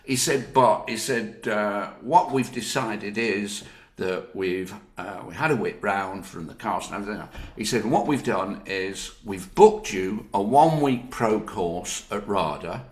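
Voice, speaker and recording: In a roomy echo, an older Northern English actor recounts anecdotes during an interview, his voice on the low side and unhurried. He stays lively, laughing frequently and voicing the people he quotes.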